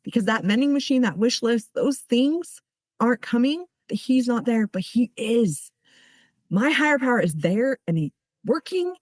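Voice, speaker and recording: A woman's voice: on the high side, a little mellow, dry recording. A woman giving earnest, heartfelt personal testimony at a recovery meeting, telling her story with many restarts.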